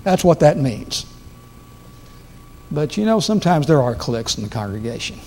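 A man's voice: on the high side, big pitch swings, normal speed, a little mellow, slight background noise. A man preaching a sermon to a congregation, reading scripture with strong emphasis. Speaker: guest preacher. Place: church sanctuary.

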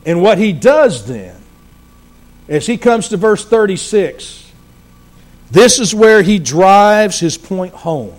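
Man, high-pitched, sermon preacher, emphatic, phrases trail off low and quiet. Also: big pitch swings, takes it slowly. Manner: explains scripture verse by verse.

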